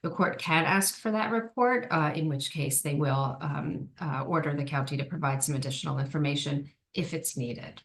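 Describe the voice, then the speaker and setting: A woman's voice: low voice, normal speed, few pauses, slight background noise. A woman giving an online training presentation, explaining steps carefully with frequent ums and small restarts. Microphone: video call.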